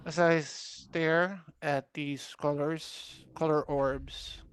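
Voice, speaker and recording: A man's voice: a little high, fairly even intonation, extremely slow, slight background noise. A man playing a tabletop game, hesitantly describing and voicing his character. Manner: hesitant, with fillers. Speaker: player.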